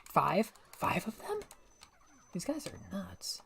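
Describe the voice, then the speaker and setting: Young woman, game streamer, low voice, playful muttering and casual swearing. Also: huge pitch swings, slow, vocal fry, a bit bright, slight background noise. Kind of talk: casual gaming livestream commentary.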